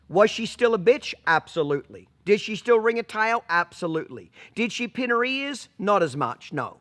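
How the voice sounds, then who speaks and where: A man's voice: fairly high pitch, a bit bright. A man telling a story as a horse trainer, blunt and profane, punctuating points with rhetorical questions. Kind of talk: storytelling vlog.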